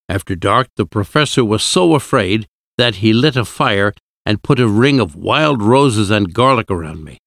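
A male narrator reads an audiobook in a steady, even voice. His pitch sits low, and the recording is close and dry. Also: no room sound. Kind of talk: scripted narration.

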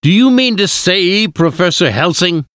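A man reading an audiobook, voicing a frantic, anguished young husband who shouts and pleads in a raised voice. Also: high voice, animated, measured pace, no room sound, clean studio sound, voice pushed up. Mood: outraged. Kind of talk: audiobook character voice.

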